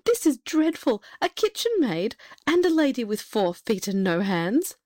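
A woman reading a fairy tale aloud and voicing a young queen who frets in a high, breathless voice. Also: sing-song, normal speed, darkish tone, dry recording, clean studio sound, natural voice. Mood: anxious. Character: anxious fretful young queen mother.

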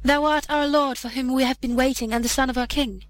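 A woman's voice: high voice, fairly even intonation, fairly quick, close to an everyday voice. A woman voicing solemn priests and officers in a fairy tale, reverent and formal.

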